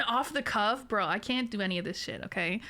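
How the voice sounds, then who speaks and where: A woman's voice: a little high, expressive, normal speed, noisy background. A woman in her late twenties, a streamer chatting casually with her chat, giggly and swearing freely. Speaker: VTuber streamer.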